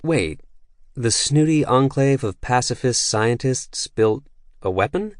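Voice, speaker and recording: A man's voice: on the low side, a little fast, a little mellow, no echo, clean studio sound, lightly acted. A man voicing a cautious woman team leader who asks pointed questions in a raised voice. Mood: questioning.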